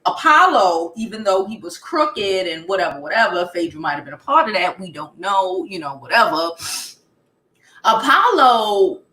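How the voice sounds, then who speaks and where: Woman, Brooklyn accent, blunt profane commentator, bright voice, roomy echo. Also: mid-range voice, normal speed. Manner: blunt and profane, animated retelling. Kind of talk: casual pop culture commentary.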